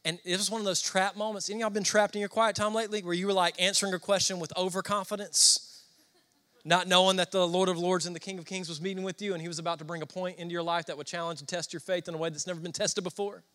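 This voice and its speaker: A young Southern man preaches a sermon to a congregation in church, speaking fast in a high-pitched, level, fairly bright voice. He's from the Southern United States, carries a Southern American accent, and weaves conversational storytelling with questions for the congregation.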